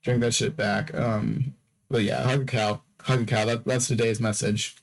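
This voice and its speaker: Over a rough recording, a man hosting a podcast drifts through a loose, casual monologue in a mid-range voice with vocal fry, flat delivery and moderate speed. Sleepy and yawning as he moves between subjects, he keeps stumbling into restarts and saying the same words and phrases again.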